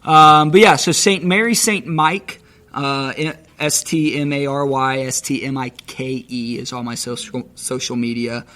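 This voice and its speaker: A man's voice: medium pitch, fairly even intonation, a little slow, pushed and bright. A man appearing as a guest musician on a podcast. He chats casually and makes dry, wisecracking jokes. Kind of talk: casual chat.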